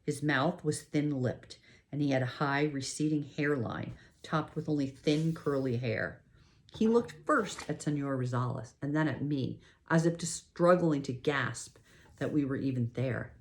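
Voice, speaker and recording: A woman narrating a novel in the first person at a measured, steady pace. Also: low voice. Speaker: audiobook narrator.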